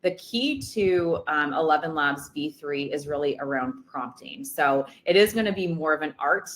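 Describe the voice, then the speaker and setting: A woman's voice: deep voice, lively intonation, moderate pace, fairly bright tone. A woman presenting a product demo webinar in a casual way, with many ums and uhs.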